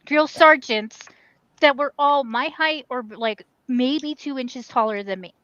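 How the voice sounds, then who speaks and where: A young woman chatting casually, swearing freely and talking quickly and excitedly. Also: high-pitched, dry recording. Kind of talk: casual chat. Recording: dull lo-fi dry sound.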